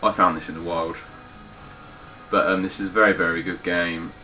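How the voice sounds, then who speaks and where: A man's voice: deep voice, steady tone, moderate pace, sharp tone, soft background music, low-quality recording. A young man talking casually through his game collection, blunt and swearing freely. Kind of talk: casual spoken collection walkthrough.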